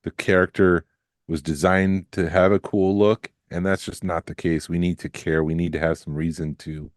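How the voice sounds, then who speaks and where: Man, very low voice, blunt critical co-host, dry close sound. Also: a little mellow, no echo. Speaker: podcast co-host. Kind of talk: casual review chat.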